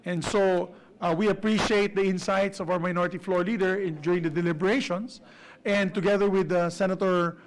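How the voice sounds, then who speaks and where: A man's voice: high voice, steady tone, a little fast, low-quality recording. A man, speaking as majority leader in a formal floor speech, with frequent hesitations. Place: legislative chamber.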